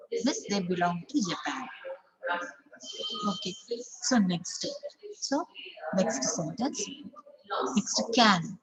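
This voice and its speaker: A woman's voice: medium pitch, a little slow, a crowd in the background, low-quality recording. A woman teaching an online English class, explaining step by step, often saying 'okay, so' and repeating example sentences aloud.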